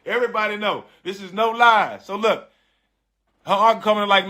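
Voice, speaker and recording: A middle-aged man telling a personal story in casual, slangy speech, animated and emphatic, often repeating his phrases. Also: sits high, moderate pace. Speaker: storyteller on a live stream.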